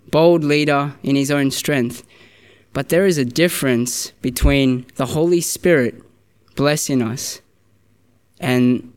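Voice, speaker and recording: A man's voice: fairly high pitch, smooth. A man preaching a sermon in a church, earnest and conversational, often restarting his sentences. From Australia.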